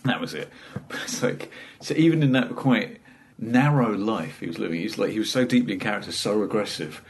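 A man's voice: fairly low pitch, lively intonation, fairly quick, vocal fry, slight background noise. A man, a stand-up comedian chatting casually, rambling, cutting himself off mid-sentence and laughing through his stories. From England. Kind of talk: casual chat.

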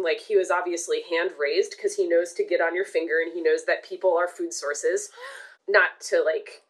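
A woman telling a long personal story in casual podcast chat, animated and swearing casually. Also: on the low side, poor audio.

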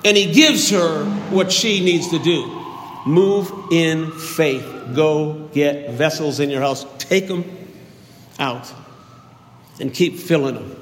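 An older man preaching a sermon as pastor, animated, acting out voices and shouting praise. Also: a little high, slow, slight background noise. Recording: echoey hall with long reverb.

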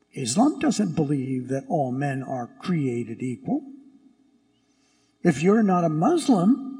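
Slow, emphatic priest in a reverberant church. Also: male voice, sits high, warm tone. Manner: emphatic, rhetorical questions, slow deliberate stresses. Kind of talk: sermon.

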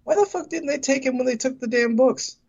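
A man's voice: very high voice, fairly quick, vocal fry, a little mellow, slightly rough, highs cut off. A man co-hosting a podcast in casual banter, wisecracking, swearing and laughing often. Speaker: podcast co-host.

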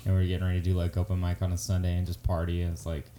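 Male comedian, very low voice, rapid rambling delivery, mellow. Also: monotone, slight background noise. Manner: rambling, laid-back storytelling. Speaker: comedian guest. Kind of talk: casual chat, storytelling.

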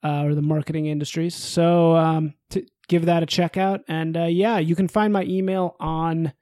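A man's voice: fairly high pitch, little pitch movement, moderate pace, mellow, no room sound. A man co-hosting a casual podcast, ranting with exasperation and plenty of swearing. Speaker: podcast co-host.

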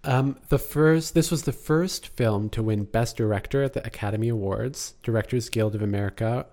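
A man's voice: mid-range voice, normal speed, dark tone. A man co-hosting a casual chat about a film, talkative, laughing often and trailing off mid-sentence. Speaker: podcast co-host.

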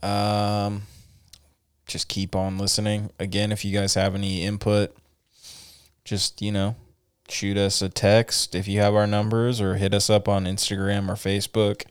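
A man's voice: fairly low pitch, completely flat delivery, unhurried, clean tone. A man co-hosting a podcast in casual banter, teasing his friend and cursing freely. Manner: profane, teasing, laid-back. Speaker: podcast co-host.

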